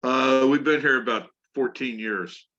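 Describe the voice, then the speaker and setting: A man playing a hesitant homeowner prospect in a sales role-play, answering in halting bits. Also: mid-range voice, pushed and bright, dull audio. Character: hesitant middle-aged male homeowner prospect.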